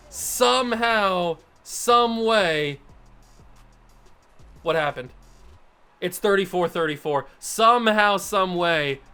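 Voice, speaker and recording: Young male gaming host, smooth clear tone, excitable and self-deprecating running commentary. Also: on the high side. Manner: excitable, self-mocking, swings between groans and yelps. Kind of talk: casual gameplay commentary.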